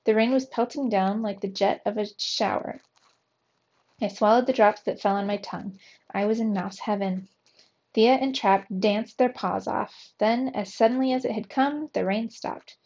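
A woman reading a storybook aloud to young students in an expressive, lively way, on a dull lo-fi recording. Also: medium pitch, moderate pace, creaky.

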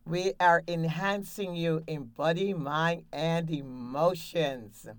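A woman with a low voice leads a guided laughter exercise, talking slowly and upbeat, cheering her listeners along. She speaks close to a studio mic with a dry sound and no room echo. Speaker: laughter yoga coach and show host.

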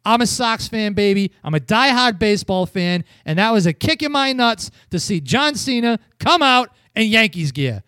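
A man from New England hosts a casual wrestling review, ranting and swearing with emphatic force. His voice sits high for a man, recorded dry and close. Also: lively intonation, moderate pace, few pauses, bright, forceful tone, clear, resonant tone, no room sound. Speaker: podcast host.

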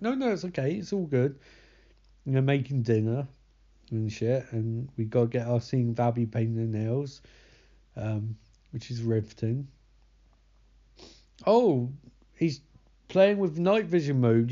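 Young man, mellow voice, sardonic movie recapper who curses freely; slightly muffled lo-fi recording. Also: medium pitch. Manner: sarcastic, swears often, loses track of names. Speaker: movie commentator.

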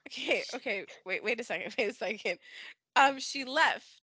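A woman's voice: on the high side, expressive, moderate pace, sharp tone, husky, no echo. A woman co-hosting a podcast, chatting animatedly about a soap opera, laughing often and acting out the characters' lines. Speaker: podcast co-host. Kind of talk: casual fan recap chat.

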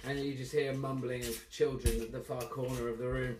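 A man's voice: mid-range voice, level tone, a little fast, noisy background. A man running a tabletop game as game master, casual and laughing, with many fillers. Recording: roomy, distant mic, chatter nearby.

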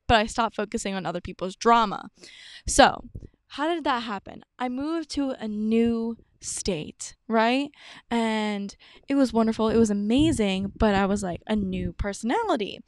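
A chatty woman in her twenties hosting her own podcast, talking loosely with plenty of "like" and "um" and slipping into little acted-out quotes of her past self. Her voice sits a bit high and comes through smooth and clean, recorded dry and close. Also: dry recording. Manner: chatty, peppered with "like" and "um". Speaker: podcast host. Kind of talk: casual chat.

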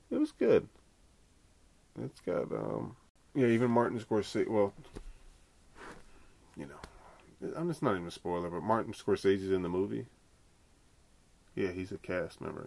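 A man's voice: low voice, creaky, no room sound. A man hosting a podcast on his own, talking in a loose, rambling way and swearing freely. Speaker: podcast host. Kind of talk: casual solo podcast chat.

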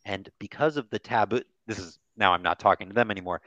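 A lively man talks candidly as a grief therapist. He slips into quoted voices and swears casually. The sound is muffled and dry with no room echo. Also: fairly low pitch, quick pace. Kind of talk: candid podcast conversation.

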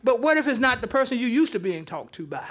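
A pastor with a high-pitched voice preaching in church. He talks loosely and conversationally, teasing the congregation between points. His delivery stays informal even as he makes his case. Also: fast. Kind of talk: interactive sermon.

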